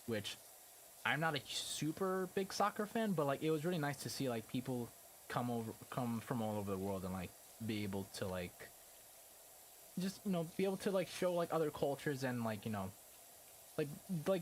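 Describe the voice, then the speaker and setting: A man's voice: mid-range voice, big pitch swings, a little fast, slight background noise. A young adult man chatting casually on a live stream, rambling and packing his talk with fillers and casual swearing. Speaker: game streamer.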